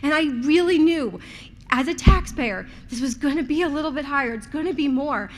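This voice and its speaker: A woman in her thirties, not from Rhode Island, speaks up as a resident during public comment at a school committee meeting. Her voice is high, animated and a little fast, and she sounds nervous and tearful as she makes an emotional, heartfelt plea.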